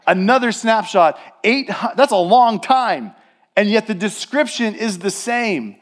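Male pastor, high-pitched, emphatic sermon delivery, talks straight to the congregation. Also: expressive. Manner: emphatic preaching, slows and stresses repeated words; addresses the congregation directly.

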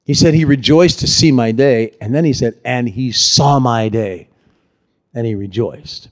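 A man preaching a sermon, animated, acting out the voices in the scripture he reads. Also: mid-range voice, unhurried. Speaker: pastor.

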